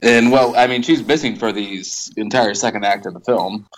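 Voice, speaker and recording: A man's voice: on the low side, normal speed, slight background noise, low-quality recording. A man co-hosting a podcast, reviewing a film in a wry, hesitant way with many ums. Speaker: podcast co-host. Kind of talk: casual film review chat.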